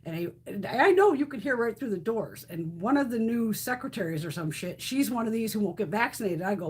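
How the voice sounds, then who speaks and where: A woman in her fifties talks casually to her live-stream viewers, swearing freely and telling animated stories. Her voice sits a little high and is somewhat husky. Her pitch swings widely as she talks. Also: quick pace.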